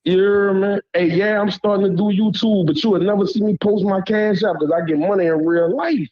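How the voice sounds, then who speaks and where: A man's voice: sits high, steady tone, fairly quick, lo-fi sound. A man from Louisiana with a Southern accent, calling in to a panel and ranting bluntly in slang, often asking "you hear me". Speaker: caller on a panel. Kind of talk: heated call-in rant.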